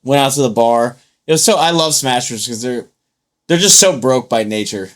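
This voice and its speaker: A young man from the United States talking loosely and crudely, a bit tipsy after a few drinks. He acts out other people's lines as he tells stories in a relaxed co-host chat. His voice sits in a middle register. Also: medium pitch, normal speed. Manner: loose, profane storytelling with acted-out quotes. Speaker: podcast co-host. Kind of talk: casual chat.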